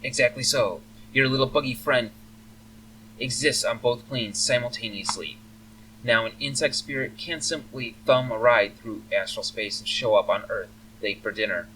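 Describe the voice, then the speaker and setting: A man's voice: mid-range voice, normal speed, sharp tone, a little hiss or hum, natural voice. A man voicing a lofty male elf sage who lectures in a dry, faintly amused way. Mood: lecturing. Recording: faint humming, slightly distant mic.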